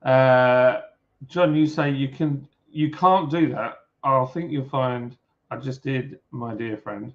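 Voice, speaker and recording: A Yorkshire man drifts slowly through a relaxed livestream chat, his voice rough with fry as he riffs on viewer comments. The sound is dull and lo-fi, like a basic computer mic at home. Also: mid-range voice. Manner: chatty, jokey, lots of filler "uh"s. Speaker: livestream host. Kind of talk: casual chat reading live comments. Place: home, drinking beer. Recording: dull lo-fi stream audio.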